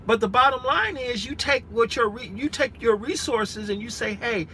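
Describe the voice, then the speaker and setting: A man's voice: extremely high pitch, moderate pace, sharp tone, a little hiss or hum, poor audio. A man in his forties chatting frankly and earnestly with live-stream viewers from inside a rented SUV, repeating himself and restarting often. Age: 40s. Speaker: rideshare driver vlogger.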